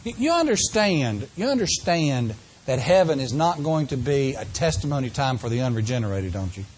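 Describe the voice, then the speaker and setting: A man preaching a sermon to a congregation, asking them questions and shifting between slow, drawn-out phrases and quick runs. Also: medium pitch, very animated, a little mellow, a little hiss or hum. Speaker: pastor.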